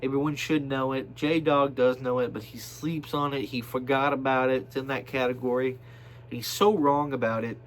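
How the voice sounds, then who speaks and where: Excitable rambling man with a hum behind. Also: mid-range voice, moderate pace. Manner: rambling, excitable, many fillers. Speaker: collector showing music albums. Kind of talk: casual video monologue.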